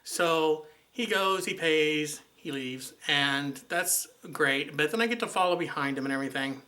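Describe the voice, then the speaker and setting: A man recounts a run-in with his ex in a loose, chatty vlog style. His voice is bright and forceful, sitting a little high, and his storytelling turns exasperated and sarcastic. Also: measured pace. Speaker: vlogger. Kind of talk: casual storytelling to camera.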